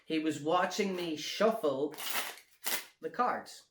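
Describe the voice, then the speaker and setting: A man, a magician telling a casual story while demonstrating card tricks and counting cards out loud. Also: a little high, slow pace, noisy background. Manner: chatty, relaxed, counting cards aloud as he deals. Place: at home during lockdown. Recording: roomy echo.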